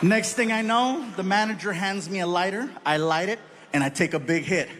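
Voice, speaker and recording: A man doing live stand-up storytelling, animated, often shouting and laughing at his own lines. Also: high-pitched, normal speed, a loud crowd. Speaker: stand-up comedian. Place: comedy stage before an audience. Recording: live show with audience noise.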